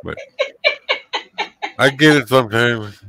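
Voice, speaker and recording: An easygoing man chats as a guest on a livestream, taking his time with every phrase. His voice is bright and tense, recorded dry and close. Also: medium pitch, takes it slowly, no room sound. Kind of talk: casual chat.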